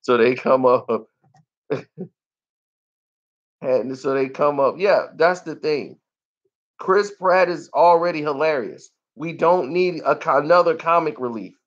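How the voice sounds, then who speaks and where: Slow-talking animated movie reviewer man. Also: lo-fi sound. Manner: animated, laughs often, acts out scenes in high squeals.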